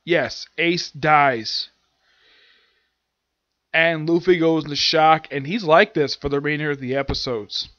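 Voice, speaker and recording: A man with a somewhat high, slightly bright voice reviews anime a little slowly, leaving long pauses. His casual recap wanders with fillers and restarts, captured in a dull, dry, lo-fi recording.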